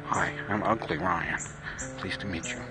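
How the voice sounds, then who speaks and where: Deep-voiced man, deadpan halting monologue, music underneath. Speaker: comedy radio host.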